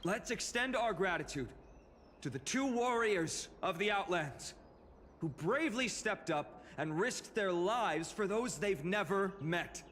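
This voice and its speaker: An earnest young hero. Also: male voice, high-pitched, lively intonation, measured pace, a little hiss or hum. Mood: rousing. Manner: earnest, warm-hearted speechmaking. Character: earnest young male hero, loyal comrade. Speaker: game character. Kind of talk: game voice acting. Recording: game audio with reverb and music.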